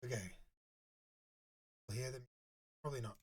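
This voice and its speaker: A man live-streaming in casual chat with his viewers, his voice squeaky and hoarse from a sore throat. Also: normal speed, a little mellow. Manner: chatty, talks to viewers while setting up.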